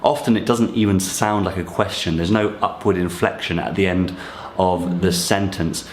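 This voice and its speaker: A man with a fairly low voice explains everyday French expressions, friendly and encouraging as he talks straight to his viewers. His voice bounces around an echoey room. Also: steady tone, moderate pace, a little hiss or hum. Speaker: French teacher. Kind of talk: casual explanatory teaching.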